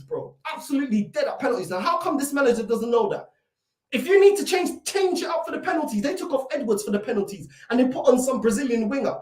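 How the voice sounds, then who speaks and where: A woman's voice: sits high, expressive, fairly quick. A woman delivering a fuming, repetitive rant as a football fan reacting to a match. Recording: echoey room, mic at a distance.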